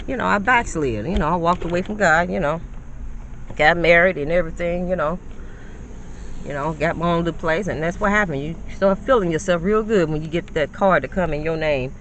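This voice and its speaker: Sitting in her parked car, this fifties-aged woman films a casual vlog with her phone camera, chatting and lecturing while addressing viewers as "honey." Her voice sits on the low side with a fairly bright tone. There's a bit of hiss or hum, and the audio is rough.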